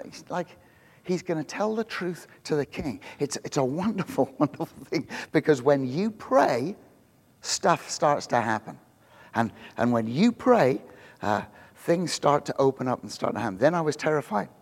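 A middle-aged male pastor preaching a sermon in church, telling the story with lively acted-out quotes and frequent restarts. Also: a little high, normal speed, husky. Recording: long hall reverb.

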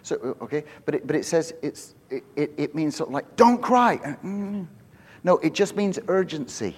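Middle-aged male pastor, a bit high-pitched, chatty and self-deprecating in the pulpit; the church hall rings behind him. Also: expressive, normal speed, darkish tone, slightly rough. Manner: conversational and joking, self-mocking. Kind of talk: sermon.

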